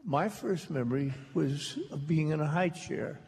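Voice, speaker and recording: An American man tells dry, funny family stories to a live audience and acts out the voices in them. His voice is gravelly and pitched a touch high, and he takes his time. The archival recording carries the long reverb of a large hall. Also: measured pace, a little mellow. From United States. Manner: wry, dry storyteller, acts out quotes. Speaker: author telling stories on stage. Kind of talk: humorous anecdotal storytelling to a live audience.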